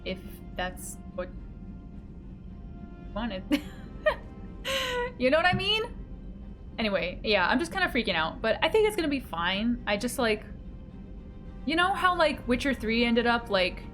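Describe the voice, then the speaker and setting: A woman's voice: fairly high pitch, sing-song, unhurried, pauses often, a bit bright, soft background music. A woman streamer chatting casually with her live chat, giggly and playful as she reads messages aloud.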